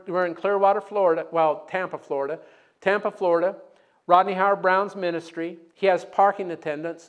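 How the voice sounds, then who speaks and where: High-voiced preacher leading call-and-response. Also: male voice. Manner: storytelling, call-and-response with congregation. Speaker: guest preacher. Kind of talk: sermon. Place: church sanctuary.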